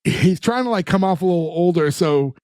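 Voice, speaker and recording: A man's voice: sits high, animated, brisk, darkish tone, clear, resonant tone, no room sound. Dry-voiced man recapping a sitcom. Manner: retells scenes, slipping into the characters' lines. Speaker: podcast co-host. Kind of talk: casual chat recapping a TV episode.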